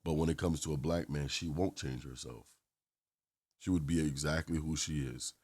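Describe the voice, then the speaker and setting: A man's voice: rumbling low, fairly even intonation, moderate pace, darkish tone. A man hosting his own channel, giving opinionated reaction commentary on a clip and often repeating phrases for emphasis.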